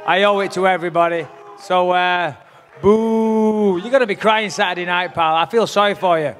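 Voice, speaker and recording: A man's voice: high voice, fairly even intonation, fast talker, a bit bright, soft background music. A man trash-talking at a press conference, brash, profane and taunting. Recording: long hall reverb.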